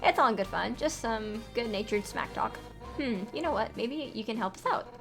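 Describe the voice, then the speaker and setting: A woman voicing a brash, loud female fish warrior who teases people and calls them punk, with music underneath. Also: a little high, expressive, normal speed, vocal fry. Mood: encouraging. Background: background music.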